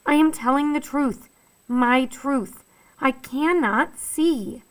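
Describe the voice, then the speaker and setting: A woman's voice: high voice, slow, voice pushed up, low-quality recording. A woman reading aloud, voicing an earnest, anxious boy who speaks in formal, precise sentences.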